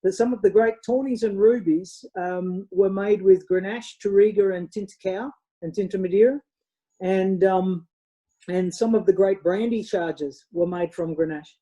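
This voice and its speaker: A woman's voice: medium pitch, moderate pace, dark tone, husky, lo-fi sound. An Australian woman co-hosting a wine show in casual, rambling chat, often correcting herself. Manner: chatty, rambling, self-correcting.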